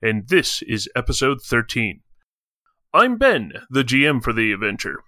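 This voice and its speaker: Bright-voiced male game master. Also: medium pitch, very animated, a little slow, no echo. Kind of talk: podcast introduction.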